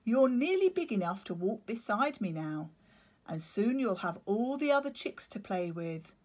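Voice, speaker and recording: A woman's voice: medium pitch, very animated, moderate pace, a little mellow, pitched above the performer's own voice. A woman reading a story aloud, voicing a fussy, protective father penguin who scolds and explains.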